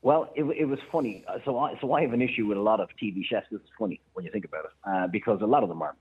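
An Irish man, a chef and restaurateur, telling animated anecdotes in casual chat. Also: fairly low pitch, breathy edge. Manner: animated anecdotes, quick bursts of laughter. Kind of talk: casual storytelling on a phone-in. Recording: tinny phone line.

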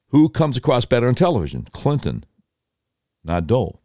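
A man telling political history in an animated way, breaking into quick impressions of voters and politicians. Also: mid-range voice, dry recording, studio quality.

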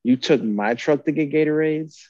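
A man's voice: a little high, normal speed, no room sound, lo-fi sound. Man laughing through a work story. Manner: animated, laughing, swears while retelling. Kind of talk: casual storytelling chat. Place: home, on a couch on a call.

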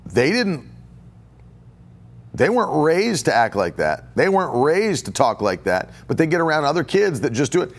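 A man's voice: a little high, big pitch swings, moderate pace. A middle-aged male pastor preaching on a podcast in a slightly raised voice. He hammers home each point by repeating it, and he stops to take questions from listeners. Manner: emphatic, repeats phrases for stress; takes viewer questions live. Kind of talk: podcast sermon.

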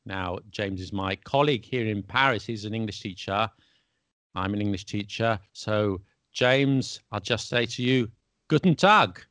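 A man hosting a casual podcast about the English language, an English teacher who asks questions in a playful, lively way. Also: fairly low pitch, moderate pace, smooth, no room sound. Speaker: podcast host. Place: Paris.

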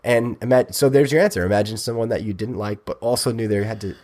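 Male podcast co-host, low voice, casual rambling storyteller, jokey. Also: fast talker, darkish tone. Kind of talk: casual chat.

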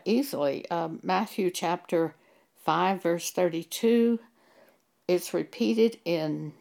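Gravelly-voiced woman preaching with emphasis. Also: low voice, darkish tone. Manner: emphatic, cites scripture, rhetorical questions. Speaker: Bible teacher. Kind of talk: preaching monologue.

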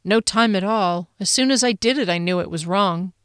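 A woman's voice: mid-range voice, moderate pace, clear, resonant tone, no room sound, studio quality, lightly acted. A woman voicing a defensive, sarcastic young warrior woman in an audiobook reading, with guarded, biting delivery. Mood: confessional.

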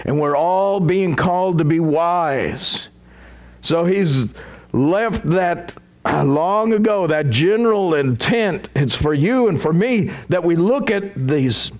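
High-voiced man preaching a sermon. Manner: animated preaching with quoted asides. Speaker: pastor.

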